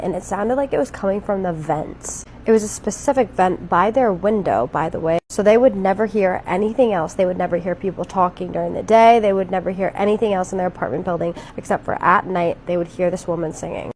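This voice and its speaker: Low-voiced woman telling a scary story. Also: darkish tone, slight background noise. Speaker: horror storyteller. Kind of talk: casual horror storytime.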